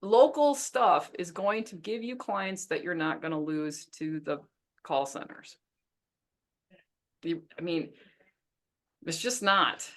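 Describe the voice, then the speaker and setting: A woman business coach teaching a webinar in a lively, chatty way, laughing often. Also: on the low side, slow pace, pauses often.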